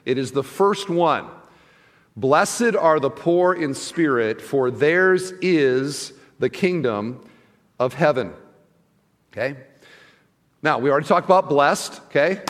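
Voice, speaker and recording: A man's voice: mid-range voice, in a large hall. A man preaching a sermon as pastor, in a conversational way, often asking his listeners questions and restarting his sentences. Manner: conversational, asks the audience questions, many restarts.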